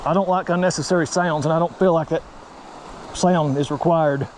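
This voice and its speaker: A young man, vlogging casually and excitably while fly fishing by a mountain creek. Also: a little high, normal speed, a little hiss or hum. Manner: excitable, folksy exclamations. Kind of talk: casual outdoor vlog narration.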